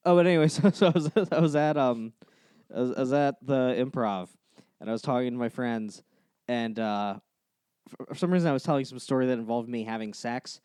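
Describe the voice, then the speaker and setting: A young man hosting a casual podcast, telling deadpan stories and laughing often. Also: mid-range voice, a little fast, clean tone, no room sound, studio quality. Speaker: podcast host. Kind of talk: casual chat.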